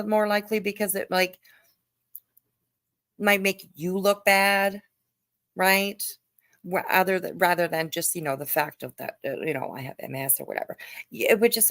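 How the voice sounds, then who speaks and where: A woman's voice: mid-range voice, no echo, studio quality. A woman hosting a live stream, reacting to a clip with sarcastic, mocking commentary and greeting her viewers.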